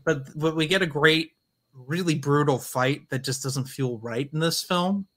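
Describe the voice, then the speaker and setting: A man co-hosting a casual film review chat, blunt and quick to call scenes dumb. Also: on the high side, fairly bright tone. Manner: blunt, dismissive quips. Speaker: podcast co-host.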